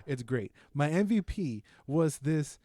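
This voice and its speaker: A man's voice: a little high, lively intonation, slow, warm tone, dry recording. A man co-hosting a casual podcast, talking through what he watched in a rambling, profane, self-mocking way. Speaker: podcast co-host. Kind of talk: casual chat reviewing shows.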